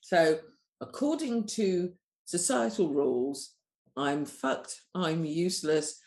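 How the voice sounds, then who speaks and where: A woman's voice: sits low, takes it slowly, reverberant. A woman, a doula and coach, speaking bluntly and passionately in a candid podcast conversation. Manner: blunt, passionate, sweary, animated.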